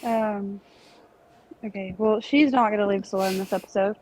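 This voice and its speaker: A woman's voice: mid-range voice, moderate pace, a little hiss or hum, rough recording. A young woman co-hosting a podcast, rambling through a story in casual chat. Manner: rambling, animated storytelling with laughs. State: recovering from strep throat. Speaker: podcast co-host.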